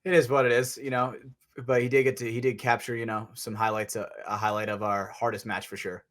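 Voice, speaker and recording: Guy on a podcast telling a wild story, swears a lot, acts out the quotes loud. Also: medium pitch, fairly quick. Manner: profane, animated storyteller who acts out quotes loudly. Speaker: podcast co-host, paintball player. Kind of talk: casual storytelling chat.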